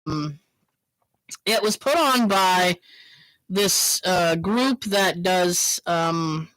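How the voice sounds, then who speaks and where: A woman co-hosting a podcast in casual chat, chatty and quick to laugh. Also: lowish voice, dry recording, rough recording. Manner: animated, laughs often, chatty. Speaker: podcast co-host.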